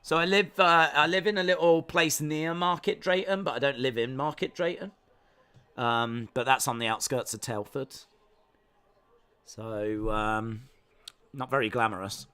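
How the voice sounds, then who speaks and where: An English man with a Midlands accent hosts a live watch-along stream, reading chat aloud and teasing viewers with jokes in playful banter. His voice is medium-pitched, pushed and bright, at a normal pace.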